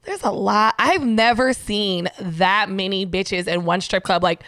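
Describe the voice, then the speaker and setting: A woman chatting with a friend, telling stories with lively impressions, frequent laughter and cursing. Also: mid-range voice, moderate pace, few pauses, no echo. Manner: animated storytelling with laughter and cursing. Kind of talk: casual chat.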